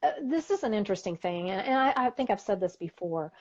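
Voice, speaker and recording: A woman's voice: medium pitch, quick pace. Texan lady co-host, middle-aged, rambly chatty stories, muffled audio. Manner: chatty, storytelling, lively voices for quoted people. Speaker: podcast co-host. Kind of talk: casual chat. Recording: dull lo-fi audio.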